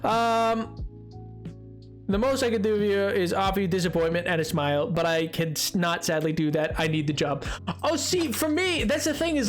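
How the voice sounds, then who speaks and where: Young man, high-pitched, live-stream chatter, lively storyteller who laughs a lot. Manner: animated storytelling, laughs often, mocking voices. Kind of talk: casual live-stream chat while gaming.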